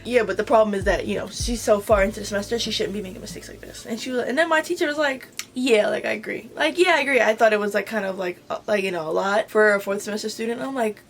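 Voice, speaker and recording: A young woman telling an animated storytime about nursing school, swearing and acting out the dialogue. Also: mid-range voice, fast, few pauses, a little hiss or hum. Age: young adult. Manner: animated retelling, swearing, slang-heavy. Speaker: vlogger. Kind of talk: storytime vlog.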